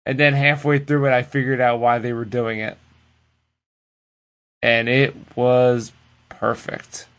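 A man co-hosting a casual podcast, retelling wrestling in a loose, profane, animated way. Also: mid-range voice, slow pace, pauses often. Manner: animated, profane storytelling that acts out the people it quotes. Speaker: podcast co-host recapping wrestling. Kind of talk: casual chat.

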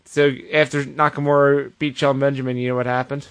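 A man co-hosting a podcast, giving an animated casual recap with plenty of swearing. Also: mid-range voice, quick pace, clean tone. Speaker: podcast co-host. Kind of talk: casual chat.

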